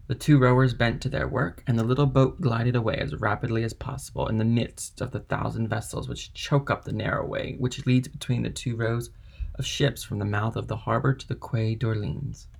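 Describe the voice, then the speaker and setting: A man narrating a classic novel in a steady, measured audiobook reading. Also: medium pitch, gravelly. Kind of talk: scripted narration.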